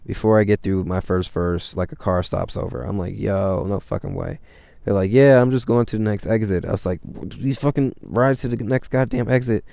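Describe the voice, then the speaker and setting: A low, mellow-voiced young man tells a story in a loose, rambling way, with plenty of swearing and filler words. His voice has a gravelly, smooth edge, and the sound is dry and close. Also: normal speed, no room sound. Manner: rambling and profane, with constant fillers. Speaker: vlogger. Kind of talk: casual storytelling.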